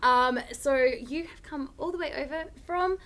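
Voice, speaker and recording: A woman's voice: high-pitched, unhurried, crowd noise. A woman presenting a kids' news show in bubbly, teasing casual chat. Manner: bubbly, giggly, teasing banter.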